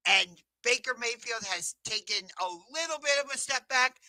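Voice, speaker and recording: A man from the Cleveland area hosting a live sports talk show, chatty and energetic, sometimes correcting himself mid-sentence. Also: very high-pitched, normal speed, no room sound, low-quality recording. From Cleveland area, USA.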